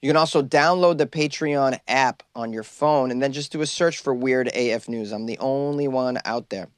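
A man hosting a comedy news podcast, cracking jokes and riffing between readings. His voice sits at an ordinary middle pitch. The sound is very dry and close, as in a small closet. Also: moderate pace, no room sound. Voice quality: jokey, riffs and laughs at his own lines. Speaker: podcast host.

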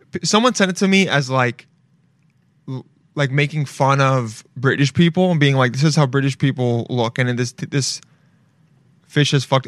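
Rambling, swearing young podcast host. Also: male voice, a little high, no room sound. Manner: swearing, rambling, loud swings into yelling. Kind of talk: casual solo podcast rant.

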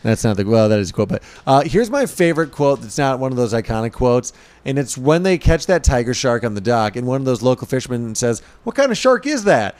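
Male co-host, casual chat, expressive pitch, dead-dry close recording. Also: a little fast, clear, resonant tone, no room sound. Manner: casual, swears freely, retells film scenes. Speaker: podcast co-host.

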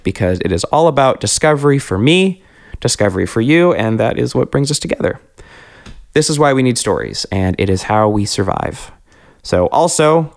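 A man hosting a podcast, chatting casually in a laid-back, upbeat way with casual slang. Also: medium pitch. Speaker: podcast host. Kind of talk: casual outro chat.

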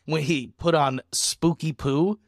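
A man's voice: fairly high pitch, slow pace, dry recording, clean studio sound. A man from Michigan co-hosting a podcast in casual chat, laughing often and acting out quotes. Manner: laughing, animated quoting. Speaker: podcast co-host.

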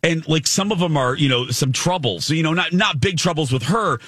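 A man co-hosting a morning radio show, telling a story in an animated way and laughing often. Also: fairly high pitch, moderate pace, husky, no room sound, clean studio sound. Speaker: radio co-host. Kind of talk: casual morning radio chat.

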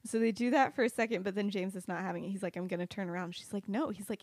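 A woman's voice: mid-range voice, fast talker, hardly any pauses, a little mellow, no echo, studio quality. A young woman casually retelling a fan-fiction story on a podcast, chatty, with lots of "like" and "um" and laughter. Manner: chatty, many "like" and "um", laughs at her own story.

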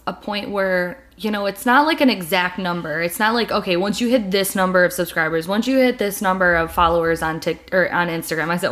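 A woman's voice: medium pitch, a bit bright. Candid young woman chatting loosely. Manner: candid, rambling with many fillers and restarts. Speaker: video creator and podcast host. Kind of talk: casual chat.

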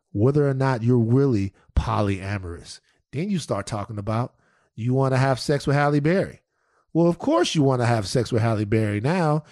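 A man co-hosting a podcast, riffing with profane, animated comic storytelling in casual banter. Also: lowish voice, dry recording, studio quality. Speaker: podcast co-host.

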